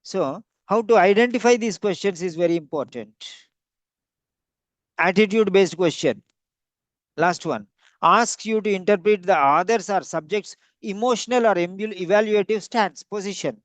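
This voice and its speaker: A man's voice: high-pitched, moderate pace, no echo. A man giving a classroom lecture, repeating and stretching key words for emphasis. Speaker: English teacher.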